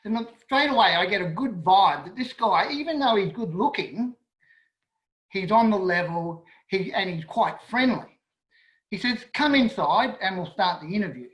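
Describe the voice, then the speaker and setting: A man's voice: high-pitched, a little slow. Echoey man telling a story. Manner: lively, self-deprecating storytelling. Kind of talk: personal story told to an audience. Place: home, indoors, online event. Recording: roomy echo on an online call.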